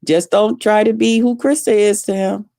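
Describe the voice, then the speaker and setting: A woman vlogger telling a story in a profane, animated, dramatic way, casual and blunt. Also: mid-range voice, moderate pace, vocal fry, no room sound, clean studio sound.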